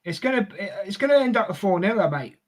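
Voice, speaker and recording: A man's voice: high-pitched, sing-song, brisk. A man co-hosting a fan livestream, bantering and reacting to a football match live, calling people mate.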